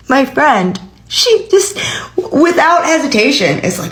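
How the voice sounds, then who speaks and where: A woman's voice: a little high, sing-song, moderate pace. A woman casually telling a funny family story to the camera, often breaking into laughter. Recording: roomy echo.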